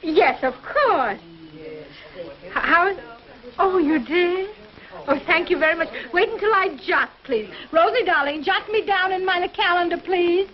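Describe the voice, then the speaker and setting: An actress playing a chatty, warm-hearted housewife and mother in a 1950s TV sitcom, fussing in quaintly worded sentences, on a dull old soundtrack. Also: very high voice, animated, unhurried. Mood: bustling. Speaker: lead character, family mother.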